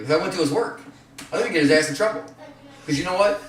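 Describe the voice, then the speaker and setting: A man telling rambling, profane stories in casual chat, growing loud and heated. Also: a little high, expressive, very fast, far from the mic, a little hiss or hum. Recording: echoey room, voice off-mic.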